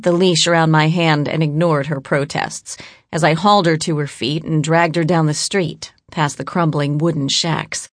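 A woman narrating an audiobook in a measured, cool first-person delivery. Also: low voice, no echo, clean studio sound.

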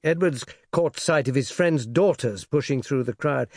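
A man narrating an audiobook with a measured, expressive reading. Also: medium pitch, no room sound, clean studio sound.

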